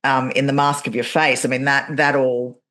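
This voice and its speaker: A woman's voice: extremely low pitch, level tone, moderate pace, a bit bright. A woman who hosts a podcast, speaking with a mixed Australian and English accent, chatting with her guest over a video call. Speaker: podcast host. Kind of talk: interview chat.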